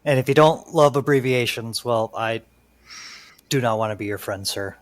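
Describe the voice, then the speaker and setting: A man's voice: mid-range voice, normal speed, no room sound. A man hosting a trivia game podcast, playful and teasing with the players. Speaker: quiz host.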